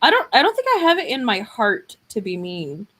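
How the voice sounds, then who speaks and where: A woman's voice: a little high, wildly swooping pitch, brisk, sharp tone. A woman from Arizona, chatting casually, rambling and self-deprecating. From Arizona, USA. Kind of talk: casual chat.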